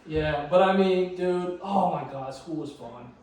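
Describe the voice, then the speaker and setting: A young man co-hosting a podcast, telling rambling, profane stories in a lively way, recorded on a phone from across the room. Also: a little high, measured pace. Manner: animated, profane storytelling full of "like" and "dude". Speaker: podcast co-host. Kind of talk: casual group chat. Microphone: phone camera across the room. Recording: echoey room, phone mic from far off.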